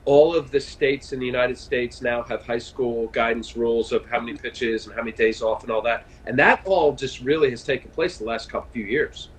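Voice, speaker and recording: Man, 50s, ex-pitcher guest; animated storyteller on a live video call, mid pitch. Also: brisk, few pauses, slight background noise, poor audio. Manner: chatty storyteller, animated, frequent fillers and restarts. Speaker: guest, former baseball pitcher. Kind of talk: casual conversational interview.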